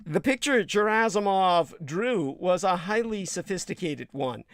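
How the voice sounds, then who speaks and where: A man's voice: high-pitched, expressive, measured pace, dry recording, studio quality. A man hosting a livestream, reading quotes aloud and breaking into profane, scornful rants. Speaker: livestream host.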